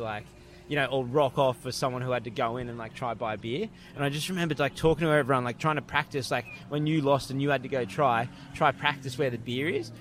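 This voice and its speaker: Australian guy, young, podcast host, animated storyteller, casual, mid pitch. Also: a little hiss or hum. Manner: animated storyteller, laughing often. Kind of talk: casual chat.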